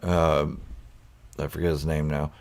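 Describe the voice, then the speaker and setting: A man's voice: very deep voice, little pitch movement, unhurried, gravelly. A man hosting a casual live chat, goofy and laughing often while he answers viewers' comments. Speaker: channel host chatting with live viewers.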